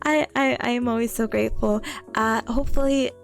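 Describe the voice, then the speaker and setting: A young woman streaming a casual chat, bubbly and giggly, stammering and squealing with excitement. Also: on the high side, fairly quick, gravelly, over music.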